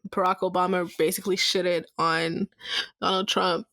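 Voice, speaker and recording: A woman's voice: lowish voice, little pitch movement, moderate pace, sharp tone, no room sound, studio quality. A woman co-hosting a podcast in casual chat, candid and swearing freely, with many fillers. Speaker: podcast co-host.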